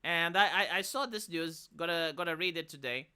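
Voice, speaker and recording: A woman's voice: fairly low pitch, normal speed, clean tone. A woman with a Romanian accent, ranting in casual, profane commentary on a live stream. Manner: profane, exasperated, animated.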